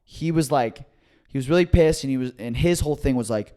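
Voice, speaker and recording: A young man co-hosting a comedy podcast, telling a long story in a loose, chatty way. He acts out the voices of the people in it with big leaps in pitch. His own voice sits in a middle register. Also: a little fast. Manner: animated, acts out quotes with big pitch jumps. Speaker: podcast co-host. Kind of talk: casual storytelling chat.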